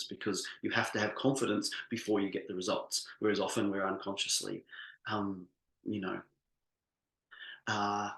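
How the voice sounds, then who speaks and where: A middle-aged man coaching a live workshop, earnest and heartfelt, who often stops and restarts his sentences. His voice sits fairly low. The room has a noticeable echo. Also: a bit bright. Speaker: business coach. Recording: echoey room.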